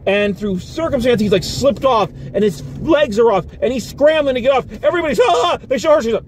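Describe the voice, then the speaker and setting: A man's voice: very high-pitched, animated, quick pace, slight background noise. A man giving a casual spoken movie review from inside a car, ranting with exasperation and swearing freely. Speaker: film reviewer.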